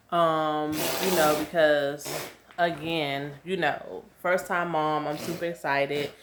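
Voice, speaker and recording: A woman's voice: on the low side, fairly bright tone, slight background noise. Chatty young woman telling a story. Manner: chatty, repeats herself, lots of "um" and "y'all". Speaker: vlogger. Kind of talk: casual storytelling to camera.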